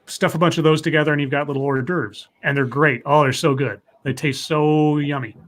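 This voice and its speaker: A man with a slightly high, a bit bright voice co-hosts a casual live stream, speaking fairly quickly with fairly even intonation. He reads viewer messages aloud and chats in a rambling way, restarting often.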